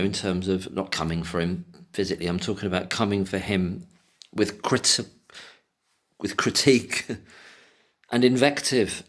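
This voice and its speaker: Agitated sweary man ranting. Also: fairly low pitch. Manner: agitated, sweary, restarts words, rapid outbursts. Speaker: commentator. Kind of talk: angry solo rant to camera.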